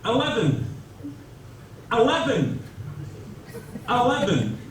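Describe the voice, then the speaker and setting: An irate Scotsman yelling at a lift, comedy clip played back in an echoey hall, heard from far off. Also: extremely high pitch, huge pitch swings, takes it slowly, a little hiss or hum, exaggerated voice. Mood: angry. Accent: Scottish. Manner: heated, yelling, laughing. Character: exasperated Scotsman stuck in a lift.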